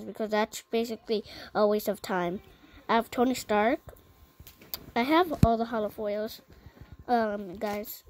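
A woman hosting a gaming channel works casually through a long list of items one by one, filling the gaps with ums and short pauses. Her voice is a little high, her pace slow and unhurried, and the recording is rough.

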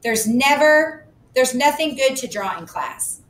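A woman voicing a snooty young schoolgirl who is quick to anger, in an audiobook reading. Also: sits high, animated, echoey room, slight background noise, pitched above the performer's own voice. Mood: indignant. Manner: snooty, indignant, loud.

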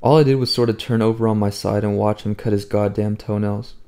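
Guy reading a book aloud, low mellow voice, casual and wry, swears a lot. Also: steady tone, brisk, smooth. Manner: conversational, wry, profane storytelling. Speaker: audiobook reader. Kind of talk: first-person novel narration.

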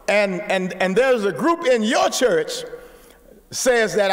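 A man preaching a sermon, repeating words and rising to shouts. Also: high voice, expressive, a little slow, long reverb tail. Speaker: pastor.

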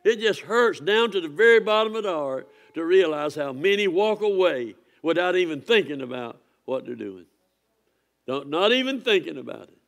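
Man preaching; somewhat high voice, big swings from loud to hushed. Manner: impassioned preaching, rising to near-shouts and dropping low. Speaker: pastor. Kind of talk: sermon.

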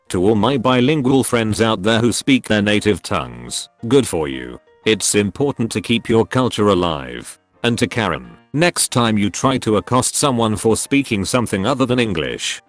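A synthetic male narrator reads a story with a lowish pitch and a lively, swinging intonation. The delivery is steady and machine-like, with faint music underneath. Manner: synthetic, evenly paced reading. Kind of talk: text-to-speech story reading.

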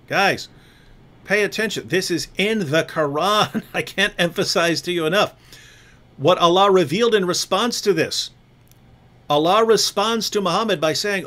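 A man's voice: high-pitched, a bit bright. A man hosting a discussion, talking emphatically, repeating points for stress and asking rhetorical questions. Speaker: host. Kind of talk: polemical discussion with a co-host.

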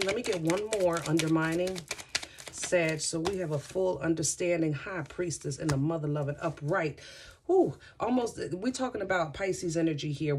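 A woman's voice: deep voice, darkish tone, a little hiss or hum. A woman giving a casual tarot reading to her viewers, chatty and effusive, rambling through asides and talking straight to her listeners. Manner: addresses listeners directly and often. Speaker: tarot reader.

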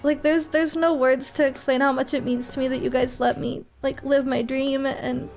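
A woman's voice: sits high, level tone, normal speed, a little mellow, faint music behind. A woman streaming a game, chatting casually and emotionally thanking her viewers, close to tears. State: tearful. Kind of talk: casual live-stream chat while gaming.

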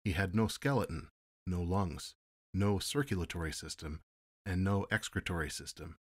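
A man narrating an audiobook in a measured, steady storytelling manner. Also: deep voice, husky, no echo. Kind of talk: audiobook reading.

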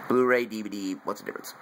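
Over background noise, a man with a medium-pitched voice casually reviews a favorite movie in a home video. An eager fan, he shows off his collectible figures, rambling and correcting himself along the way.

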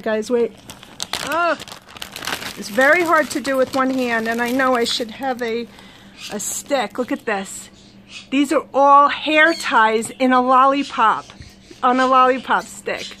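A high-voiced woman gushes her way slowly through a gift box on a casual vlog, laughing often. The home recording is noisy, with animal sounds behind her. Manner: giggly, gushing, bursts into laughing fits. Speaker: vlogger opening a gift box.

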